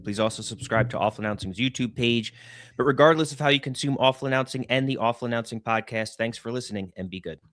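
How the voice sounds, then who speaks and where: A man's voice: mid-range voice, quick pace, fairly bright tone, no echo, clean studio sound. A man hosting a sports media podcast, asking questions with hesitant fillers. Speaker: podcast host. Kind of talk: casual interview chat.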